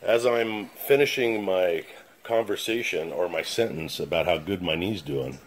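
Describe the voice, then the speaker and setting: Deep-voiced blunt, profane man. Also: unhurried, a little hiss or hum, rough recording. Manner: blunt, profane, dramatic storyteller. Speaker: channel host. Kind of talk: casual storytelling to camera. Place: his house basement.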